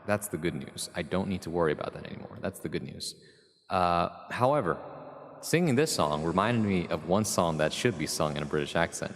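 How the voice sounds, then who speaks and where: A man's voice: sits low, expressive, brisk, big-room sound. An American man streaming live, chatting in a rambling, jokey way straight to his viewers. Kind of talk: casual chat with live chat.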